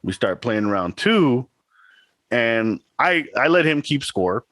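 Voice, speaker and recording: A man's voice: mid-range voice, very animated, takes it slowly, fairly bright tone, dry recording. A man in his thirties, a podcast co-host, chatting casually and telling a rambling story with laughs. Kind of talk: casual chat.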